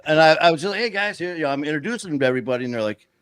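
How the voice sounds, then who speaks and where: A man hosting a podcast, telling stories in a casual, animated way and laughing often. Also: on the high side, very fast, clean tone, no echo. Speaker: podcast host. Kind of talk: casual chat.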